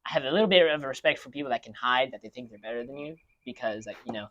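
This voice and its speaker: A man's voice: mid-range voice, very fast, a bit bright, dull audio, slight background noise. A man ranting in casual chat with friends, rambling with many restarts and fillers. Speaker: podcast co-host. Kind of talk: casual rant among friends.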